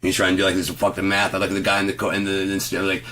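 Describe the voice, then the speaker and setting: A man telling an angry, profane story about an argument over a bill, quoting both sides and swearing constantly, at times shouting. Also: sits low, fairly even intonation, quick pace. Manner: heavy swearing, retelling an argument with quoted back-and-forth, rising to shouts. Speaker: vlogger ranting to camera.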